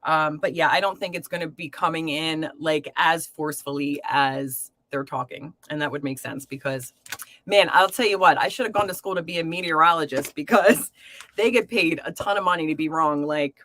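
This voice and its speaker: A woman's voice: low voice, steady tone, moderate pace. A woman hosting a live tarot reading stream, talking casually to viewers with lots of fillers and pet names. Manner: chatty, warm to viewers, filler-heavy.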